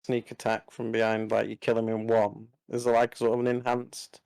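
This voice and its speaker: A man's voice: lowish voice, monotone, moderate pace, vocal fry, darkish tone, clear, resonant tone, no echo. A man playing a tabletop game, curiously asking about the rules. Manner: curious, asks rules questions. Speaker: player. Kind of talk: casual chat at a game table.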